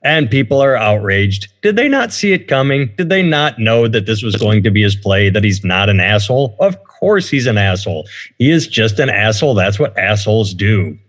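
A man's voice: on the low side, lively intonation, normal speed. Sarcastic man hosting a podcast. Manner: sarcastic, reads news stories aloud. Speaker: podcast host. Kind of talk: casual comedic podcast chat.

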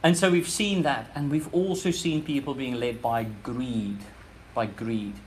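Earnest and measured, a South African-accented pastor delivers a church sermon, frequently restarting phrases and repeating words as he drives his points home. His mid-range voice holds a steady tone over slight background noise.

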